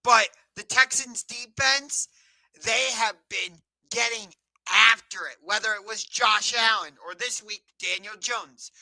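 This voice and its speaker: A man from the Cleveland area hosting a live sports talk show, chatty and energetic, sometimes correcting himself mid-sentence. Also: high voice, unhurried, vocal fry, no echo, low-quality recording. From Cleveland area, USA.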